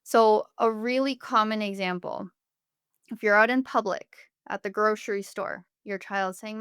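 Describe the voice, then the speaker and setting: A woman's voice: mid-range voice, fairly even intonation, measured pace, a bit bright, clean tone, no room sound, clean studio sound. A woman speaking as a family therapist guest on a podcast interview, explaining earnestly with everyday examples.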